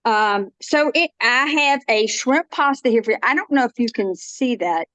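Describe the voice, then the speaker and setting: A woman's voice: a little high, expressive, normal speed, fairly bright tone, dry recording. A woman, chatting casually and folksily while demonstrating a dish. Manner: chatty, folksy, self-interrupting. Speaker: cooking demo guest.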